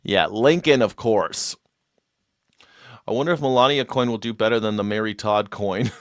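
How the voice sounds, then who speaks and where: A man's voice: fairly low pitch, normal speed, no echo. Mocking streamer guy, laughs a lot, repeats himself, dry sound. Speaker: live stream host. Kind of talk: sarcastic live commentary.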